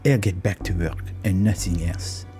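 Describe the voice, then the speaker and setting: A man's voice: low voice, moderate pace, mellow, soft background music, voice pushed down, close to an everyday voice. A man doing a prim French nanny. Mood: insistent. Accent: put-on French.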